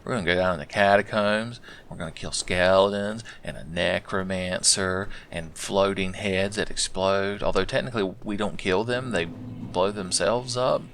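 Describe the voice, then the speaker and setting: A man's voice: deep voice, normal speed, fairly bright tone, a little hiss or hum. A man hosting a let's play, rambling through profane, sarcastic gaming commentary. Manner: rambling, sarcastic, swears a lot.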